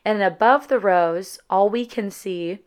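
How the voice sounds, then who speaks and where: A woman's voice: medium pitch, measured pace, smooth. A young woman vlogger casually telling a dating story to her viewers, chatty and dramatic, with lots of "like" and quoted voices.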